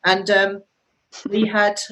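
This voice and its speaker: A woman's voice: mid-range voice, completely flat delivery, slow, fairly bright tone, poor audio. A woman in her fifties co-hosting a podcast, telling long chatty stories and laughing often. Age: 50s. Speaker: podcast co-host. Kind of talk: casual chat.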